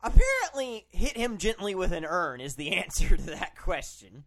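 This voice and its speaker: A man co-hosting a casual podcast, wry and sarcastic, quick to laugh. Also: high voice, sing-song, a bit bright. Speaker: podcast co-host. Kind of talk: casual chat.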